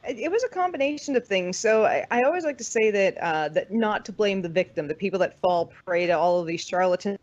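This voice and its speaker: A woman's voice: medium pitch, lively intonation, brisk, hardly any pauses, a little mellow, no room sound. A woman from the United States, a podcast guest chatting casually, telling stories, swearing freely and acting out what people said. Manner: chatty storyteller who swears freely and acts out quotes. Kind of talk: casual chat. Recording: dull dry recording.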